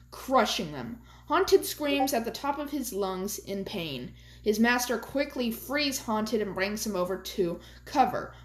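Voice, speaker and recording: A woman reads a fan-made story aloud, stumbling now and then and correcting herself. Her voice is fairly high, and her pace is slow. The recording has a roomy echo. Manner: halting, with self-corrections.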